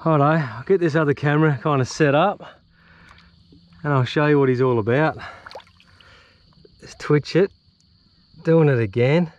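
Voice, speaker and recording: An Australian man vlogging his fishing outdoors, excitedly talking to the fish and the viewers as he fights and lands it. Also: a little high, unhurried, long pauses. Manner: excitable, chatty, swears and laughs while fighting fish. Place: outdoors on the water.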